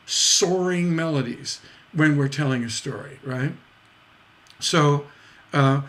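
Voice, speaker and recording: A man leads a livestreamed songwriting lesson at an unhurried pace. His speaking voice sits a little high, and he often breaks into scatted rhythms and short sung lines to make his points. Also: fairly bright tone. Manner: scats rhythms and sings snippets to demonstrate; slow, deliberate explaining. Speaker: songwriting teacher.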